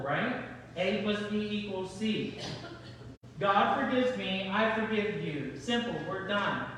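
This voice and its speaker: A man with a high voice preaching a conversational sermon and putting rhetorical questions to his congregation. He sounds distant, with a long, booming reverb from a large church hall. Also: fairly bright tone, slight background noise. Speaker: pastor. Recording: very echoey church hall from far off.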